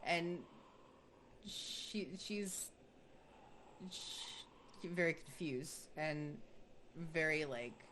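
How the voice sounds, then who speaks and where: A woman's voice: low voice, very slow, pauses often, fairly bright tone, slight background noise. A woman playing a tabletop game, chatty and laughing, describing her character's actions in third person. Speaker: player.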